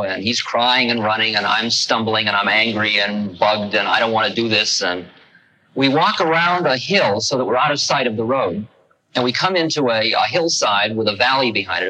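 A man tells a personal story in a conversational talk, poking fun at himself with restarts and asides. His voice is husky with a pressed, forceful edge. The delivery is loose and unscripted. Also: on the low side, poor audio. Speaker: speaker telling a personal story.

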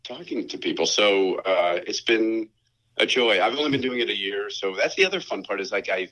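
A man's voice: lowish voice, expressive, brisk, bright, forceful tone, rough recording. A man as a guest on a podcast call, talking in a rambling, self-deprecating way with frequent laughs. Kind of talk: casual chat over a call.

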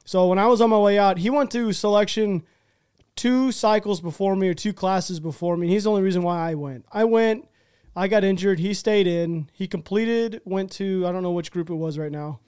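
A man's voice: high voice, moderate pace, a little mellow, clear, resonant tone. A man hosting a podcast, chatting casually with swearing and self-mocking asides. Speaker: podcast host. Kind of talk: casual conversation. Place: small room in a house.

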